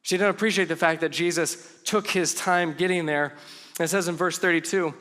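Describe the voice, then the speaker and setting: A man preaching a conversational sermon as pastor, telling the story with humorous asides and dropping to hushed tones for emphasis. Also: a little high, steady tone, moderate pace.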